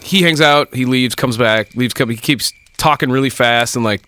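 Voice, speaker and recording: A man's voice: medium pitch, moderate pace. A man casually telling a story about a night at a bar, swearing freely and acting out the voices of the people in it. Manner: profane, animated, acts out quoted voices.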